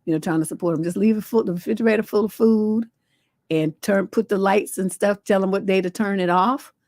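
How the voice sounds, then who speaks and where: A woman relationship coach hosts a livestream advice show. She gives blunt, sassy advice full of swearing, in a mid-pitched voice. The sound is dry and close to the mic. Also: steady tone, a little fast, darkish tone, no room sound.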